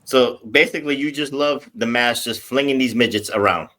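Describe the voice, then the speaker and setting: A man hosting a casual podcast, emphatic and lively, putting questions to his co-host. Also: medium pitch, brisk. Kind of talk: casual chat.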